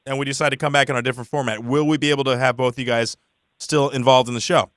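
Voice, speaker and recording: A man hosting a talk show, energetic and laughing through the banter. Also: mid-range voice, quick pace, no echo, clean studio sound. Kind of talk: casual chat.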